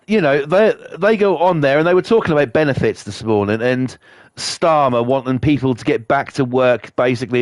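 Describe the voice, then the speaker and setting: Sweary man ranting. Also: dry recording. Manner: angry, sweary rant with big pitch swings. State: coughing now and then. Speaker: streamer. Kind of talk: ranting to a live chat while gaming.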